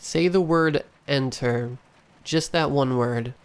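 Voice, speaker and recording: Guy narrating as a young boyfriend, fast and firm, smooth voice, scary story reading. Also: mid-range voice. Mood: urgent. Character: young man, boyfriend, quick and commanding.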